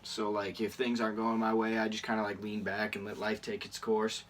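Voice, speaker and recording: A teenage boy talks through a casual question-and-answer vlog in a slightly low voice. He rambles, fills gaps with lots of ums and uhs, and chuckles at his own stories. He sounds a little distant from the microphone. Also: level tone, a little fast, fairly bright tone, a little hiss or hum. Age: teens. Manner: rambling, many fillers, laughs at himself. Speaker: YouTuber.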